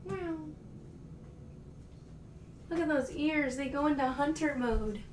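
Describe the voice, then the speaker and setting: High-pitched woman coaxing her cats. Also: slow, a little hiss or hum. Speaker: livestream host. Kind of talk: casual chat playing with her cats. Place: indoor room at home. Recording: echoey room, mic far off.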